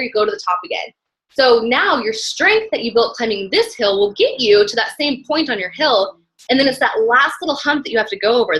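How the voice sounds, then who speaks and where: A young woman giving an energetic motivational talk as a business coach, acting out inner voices and swinging between loud and soft. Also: fairly high pitch, poor audio.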